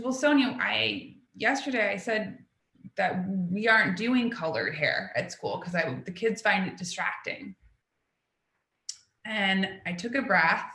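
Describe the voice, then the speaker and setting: A young adult woman giving an animated storytelling talk, acting out the people in her stories. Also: medium pitch. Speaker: speaker at a talk, intuitive. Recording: echoey room.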